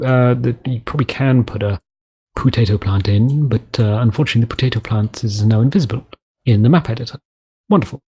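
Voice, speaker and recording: Here a male gameplay commentator speaks at medium pitch with a mellow sound and some vocal fry. He offers loose, self-deprecating let's-play talk while constructing something in the game's map editor, now and then putting on silly voices.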